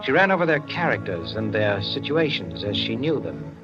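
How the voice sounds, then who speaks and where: A man narrating a 1940s radio drama in a measured, even storytelling manner. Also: fairly low pitch. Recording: muffled old radio with music bed.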